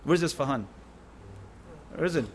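A man with a somewhat high voice delivers an informal sermon to a religious gathering. He repeats phrases for emphasis and often stops to check that his listeners understand. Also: expressive, normal speed, slight background noise. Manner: repetitive, keeps asking "understand?". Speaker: religious teacher.

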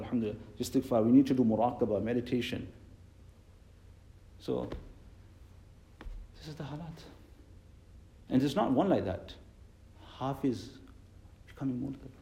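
A man's voice: mid-range voice, mellow, echoey room, low-quality recording. A man giving an earnest sermon, repeating phrases and mixing Arabic and Urdu terms into his English. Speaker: imam giving a religious talk.

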